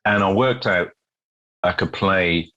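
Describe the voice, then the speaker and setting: A man's voice: deep voice, takes it slowly, dull audio. A middle-aged British man, a busker, telling stories in a casual interview, often repeating words as he goes. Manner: animated storyteller, repeats words, acts out quotes. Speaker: guest busker.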